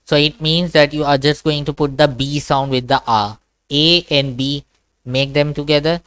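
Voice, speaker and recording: A man's voice: on the high side, steady tone, normal speed, a bit bright, smooth, no echo. Patient man teaching Quran reading. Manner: patient, repetitive, checks understanding with "okay?". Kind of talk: online one-to-one reading lesson. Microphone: video call.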